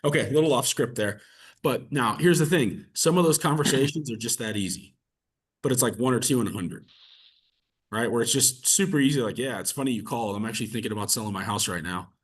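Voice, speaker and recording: Husky-voiced man coaching sales calls. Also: medium pitch, fast talker. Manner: energetic, conversational, fillers like "like" and "right?". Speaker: real estate coach. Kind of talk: coaching session with role-play practice.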